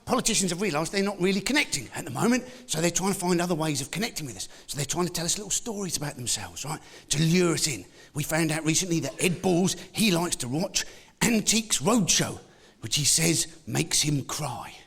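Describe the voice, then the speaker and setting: A British man performing a live stand-up routine, sarcastic and punchy, firing off rhetorical tag questions and shouted bursts. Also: fairly high pitch, animated, a little fast, vocal fry. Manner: shouty bursts mocking a bigoted motorist. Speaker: stand-up comedian. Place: live comedy venue.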